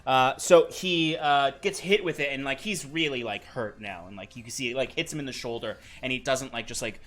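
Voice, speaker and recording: A man running a tabletop role-playing game as game master, excitable and quick to laugh, often restarting his sentences. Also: medium pitch.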